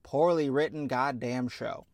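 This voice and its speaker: A man delivers an exasperated, sarcastic rant packed with swearing. He talks slowly and leans on his words. The sound is close and dry, with no room echo. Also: mid-range voice, steady tone, a little mellow. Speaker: show host. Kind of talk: ranting TV review.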